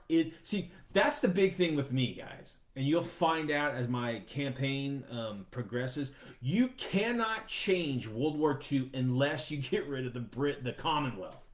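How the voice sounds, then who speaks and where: A man hosting a podcast, talking in a rambling, profane, animated way. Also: medium pitch, reverberant. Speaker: podcast host. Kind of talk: casual chat.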